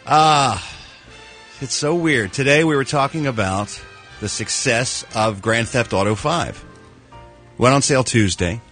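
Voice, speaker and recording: A man, a regular on a morning radio show, telling entertainment news in a lively, animated way with bursts of mock outrage. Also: medium pitch. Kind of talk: casual radio banter and news segment. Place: broadcasting remotely by phone or line.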